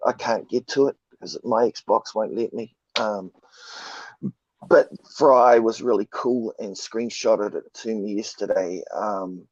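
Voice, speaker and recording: A man with a hoarse, croaky voice from a cold, talking slowly and haltingly as a guest on a live stream. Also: lowish voice, fairly even intonation, dry recording, muffled recording. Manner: slow, halting, many ums. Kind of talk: casual live stream talk.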